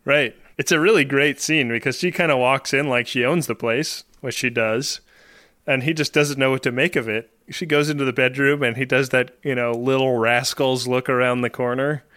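A man with a bright, smooth, clear voice retells scenes wryly as a podcast co-host. His tone stays casual and jokey, and the close mic is very dry. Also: medium pitch, steady tone, normal speed, no echo. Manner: wry and jokey, narrating scenes.

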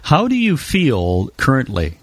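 A man's voice: medium pitch, huge pitch swings, measured pace, breathy edge, dry recording. Man asking brief interview questions.

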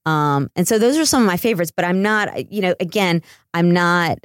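An American woman with an unusually low voice talks as a podcast guest. She is relaxed and chatty and fills pauses with ums. The recording is close and dry. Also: clear, resonant tone, no room sound. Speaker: education consultant guest. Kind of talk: casual interview chat.

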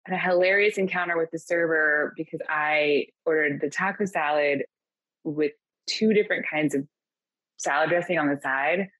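Speaking at normal speed in a low but fairly bright voice, this podcast co-host trades casual comedic chat from a New Orleans house, full of dry wit and frequent laughter. The recording is low quality, though free of echo.

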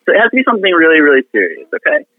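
A man calling in as a podcast guest, telling stories in an animated, emotional way with many restarts. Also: on the high side, very fast, no echo. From Florida. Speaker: guest business owner. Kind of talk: casual storytelling on a podcast. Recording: phone-line call-in.

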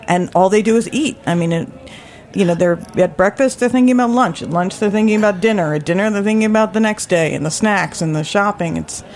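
A woman's voice: mid-range voice, a little fast, darkish tone. A woman, a guest author, chatting and telling stories, laughing often. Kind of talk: casual chat, storytelling.

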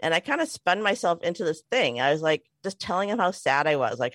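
A woman in her forties co-hosting a podcast, with a fairly low voice. She tells her story in a chatty, self-deprecating way and laughs easily. The sound is dry and close, with no room around it. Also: big pitch swings, fast, hardly any pauses, no echo. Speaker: podcast co-host. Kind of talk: casual storytelling chat. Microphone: remote call mic.

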